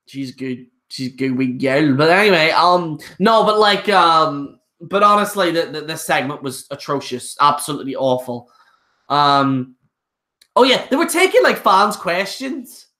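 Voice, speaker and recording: A young man ranting on a live stream, blunt and rambling, who often trips over his words and starts again. His voice is bright and forward, and he delivers his opinions with casual bluntness. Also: on the high side, big pitch swings, measured pace. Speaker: wrestling show reviewer.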